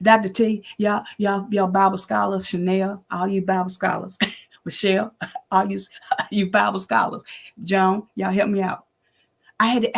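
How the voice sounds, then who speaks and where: On a livestream, a woman in her sixties gives a preachy, familiar faith talk as host of an online inspirational show, greeting viewers by name and laughing a lot. Her medium-pitched voice carries vocal fry and a breathy edge.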